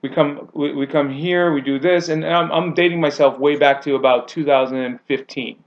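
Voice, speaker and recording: A man's voice: moderate pace, dull audio. A man who coaches grappling, chatting on a podcast and acting out quoted people with big jumps in his voice. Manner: animated storyteller, acts out quotes with big pitch jumps. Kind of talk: casual podcast chat.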